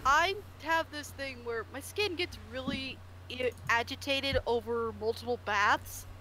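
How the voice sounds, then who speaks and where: Animated, joking woman host, high and swooping, noisy home mic. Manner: animated and giggly, quick to joke. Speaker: stream host. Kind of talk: casual group chat on a stream. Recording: noisy background.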